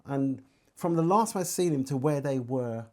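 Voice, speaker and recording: An animated man from Birmingham, England, speaking with a Birmingham accent at medium pitch and normal speed, tells stories as a singer guesting on a casual interview. He acts out dialogue and sings snippets as he goes.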